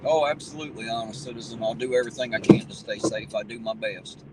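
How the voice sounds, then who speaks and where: Man, southern Ohio hillbilly accent, folksy, casual swearing, distant mic, loud car noise. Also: medium pitch, quick pace. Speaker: livestream host. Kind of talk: casual live-stream chat, reading viewer comments. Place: in a car driving around town at night. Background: car and road noise.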